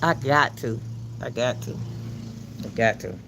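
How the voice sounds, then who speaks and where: A man hosting his own channel, giving casual spoken commentary in a loud, projected coach's voice, emphatic and preachy, often repeating himself. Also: mid-range voice, unhurried, vocal fry, noisy background. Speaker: channel host commenting on a court case.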